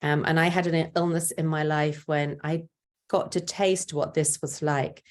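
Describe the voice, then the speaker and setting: An older woman with a low, grounded voice gives parenting advice in a gentle, patient way. She explains calmly and steps into short spoken examples of what a parent might say to a child. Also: measured pace. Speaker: parenting speaker. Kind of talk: parenting talk.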